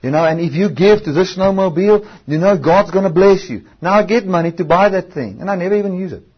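With a husky, high-pitched voice and the upper frequencies cut off, a preacher delivers a sermon full of drawn-out stresses on key words. He emphasizes heavily and frequently starts his sentences over.

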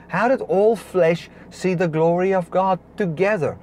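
A man's voice: on the high side, fairly quick, a little hiss or hum. Man preaching a sermon, rising and falling. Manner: preaching with swings between soft and raised passages; stops to correct himself and clear his throat. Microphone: device recording a broadcast, battery powered.

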